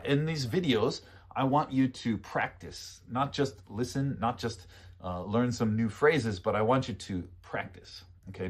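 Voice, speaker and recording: A man teaching phrases in a casual lesson, speaking slowly and animatedly and repeating phrases for learners to copy. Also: mid-range voice, breathy edge. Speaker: English teacher. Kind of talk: casual spoken English lesson.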